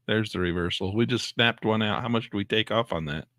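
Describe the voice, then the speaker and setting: A man giving excitable live commentary on his day trades, talking to himself and exclaiming as prices move. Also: on the low side, moderate pace, no room sound, studio quality. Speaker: day trading educator.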